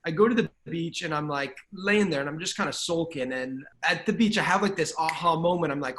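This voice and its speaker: A man being interviewed about his trading bot, telling a lively story in a casual chat and acting out his own reactions along the way. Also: on the high side, a little fast, hardly any pauses, a little hiss or hum. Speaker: guest, trading bot founder.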